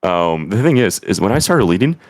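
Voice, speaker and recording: A man's voice: low voice, very animated, a little fast, darkish tone, no echo. A young man giving an opinionated, lecturing talk about leading a gaming clan over voice chat, often repeating words.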